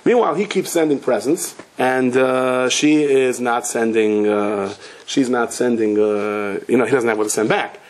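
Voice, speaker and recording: A rabbi telling a story in a Torah class in a lively way, who often laughs and breaks into excited character voices. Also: male voice, mid-range voice, normal speed. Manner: laughs often and restarts sentences.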